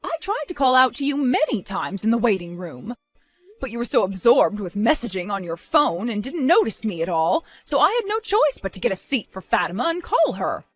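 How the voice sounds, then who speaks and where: A disappointed mother near retirement, calm, stern and reproachful, as a woman acts her out. Her voice still moves a lot in pitch. Quiet music runs underneath. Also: fairly quick. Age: 50s.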